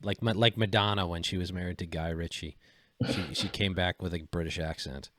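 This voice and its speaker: A man's voice: low voice, steady tone, fairly quick, a bit bright, dry recording, studio quality. A man co-hosting a podcast, chatting casually with a sarcastic, mocking edge. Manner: sarcastic, laughing, exaggerated mockery. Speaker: podcast co-host. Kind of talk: casual political chat.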